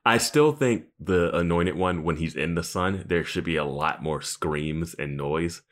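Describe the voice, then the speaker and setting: Man, very low voice, casual podcast co-host, loose and rambling. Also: measured pace, a bit bright. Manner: rambling, trails off and restarts, laughs between points. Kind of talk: casual chat.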